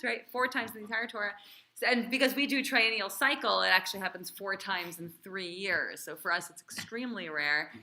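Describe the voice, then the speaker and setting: A woman's voice: mid-range voice, fairly quick, bright, forceful tone. A female cantor teaching a class, quizzing and encouraging her students in a chatty way.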